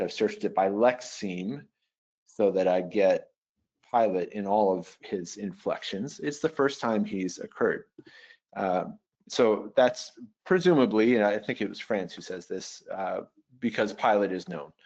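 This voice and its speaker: Man, webinar trainer, low voice, thinking aloud, dull web call audio. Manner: thoughtful, thinking aloud with restarts. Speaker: Bible software trainer. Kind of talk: webinar teaching with screen demo.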